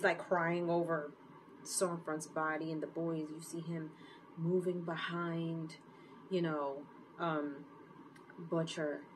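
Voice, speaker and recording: A woman giving a casual, animated recap of a TV episode, full of fillers and open emotional reactions. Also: lowish voice, a little hiss or hum, poor audio. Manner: animated storytelling with many fillers. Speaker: TV series reviewer.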